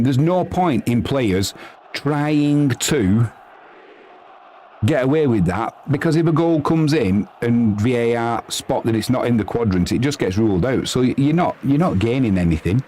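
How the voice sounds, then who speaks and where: A man calls a football match live for his stream, chatting casually and answering viewers between plays. His voice sits at an everyday middle pitch and leaps into high yelps when a goal goes in. A faint hiss runs under the recording. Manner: chatty and excitable, bursting into high yelps at goals.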